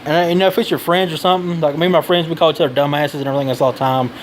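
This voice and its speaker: A man's voice: on the high side, fairly even intonation, very fast, a little hiss or hum, low-quality recording. A man giving blunt advice in a casual vlog, rambling and swearing freely.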